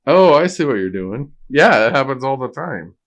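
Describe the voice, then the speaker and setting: A man's voice: medium pitch, big pitch swings, normal speed. A man co-hosting a film podcast, making dry, sarcastic remarks. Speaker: podcast co-host. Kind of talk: casual film discussion.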